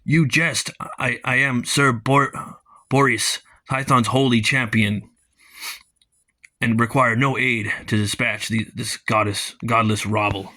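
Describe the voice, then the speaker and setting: A man's voice: mid-range voice, steady tone, slow pace, bright, forceful tone. A man voicing a pompous, self-righteous holy knight who speaks in grandiose, archaic phrases. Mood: haughty.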